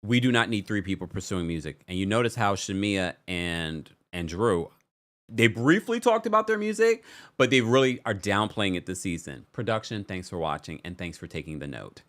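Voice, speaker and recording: Male recap host, chatty and sassy, very lively pitch, reads viewer comments. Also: moderate pace. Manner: animated, sassy, reads chat comments aloud. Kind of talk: casual reality TV recap with live chat.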